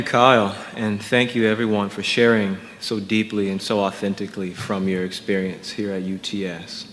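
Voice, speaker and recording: Male moderator, lowish voice, polite and guiding, reverberant hall, faint hiss. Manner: courteous, gently guiding. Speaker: panel moderator. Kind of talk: moderating a panel.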